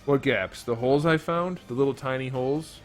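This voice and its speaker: A man's voice: medium pitch, a little fast, faint music behind. A man hosting a casual modeling tutorial, rambling and thinking aloud while he works. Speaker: YouTube host and 3D modeler.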